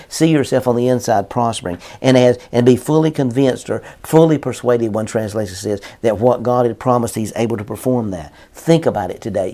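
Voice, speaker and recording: Man, preacher, sermon, earnest, repetitive, mellow voice, mid pitch.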